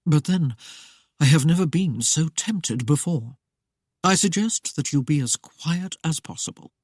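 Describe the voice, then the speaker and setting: An audiobook narrator voicing a calm young nobleman who speaks softly and in measured, mocking tones. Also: medium pitch, slightly rough, no room sound, studio quality. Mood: cool. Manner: soft, measured and coolly mocking. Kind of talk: audiobook character voice.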